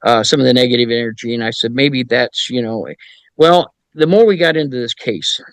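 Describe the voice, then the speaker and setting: A middle-aged man from Indiana who investigates the paranormal tells stories in casual chat, speaking a little fast at a medium pitch in a dry recording. His anecdotes are animated, and he acts out the voices of the people he quotes, with frequent fillers and restarts.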